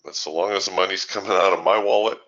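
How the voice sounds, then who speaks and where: Low-voiced man chatting on a webinar. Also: fast talker, fairly bright tone, muffled recording. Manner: chatty, opinionated, laughs easily. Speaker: trading webinar host. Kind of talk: casual live-stream chat answering viewer questions.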